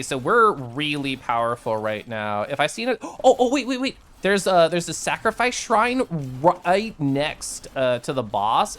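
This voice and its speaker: Lively, excitable game streamer. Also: medium pitch. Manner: chatty, excitable, many "like"s and "um"s; reads and answers chat. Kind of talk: live gameplay commentary.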